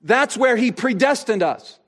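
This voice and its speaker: A male pastor preaching a sermon, asking rhetorical questions and pausing for effect, slowing down to stress key phrases. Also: very high voice, expressive, fairly bright tone. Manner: expository preaching, rhetorical questions, dramatic pauses.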